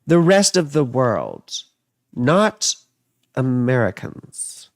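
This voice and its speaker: A man's voice: mid-range voice, very animated, very slow, no echo, clean studio sound. A man giving a casual, rambling horoscope reading from his living room, chatting and drifting between topics. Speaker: astrologer and tarot reader.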